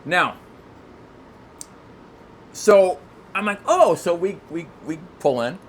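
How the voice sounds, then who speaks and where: Guy telling a story all worked up, kinda high voice, restarts a lot, faint hiss behind. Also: slow. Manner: excitable, rambling, many restarts. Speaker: podcast guest. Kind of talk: casual storytelling chat.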